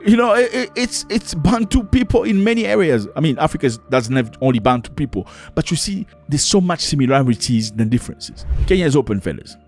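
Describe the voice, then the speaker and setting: A man's voice: on the high side, sing-song, a little fast, hardly any pauses, a little mellow, faint music behind. A man vlogging an opinionated monologue, emphatic and preachy, who often acts out the voices of people he quotes.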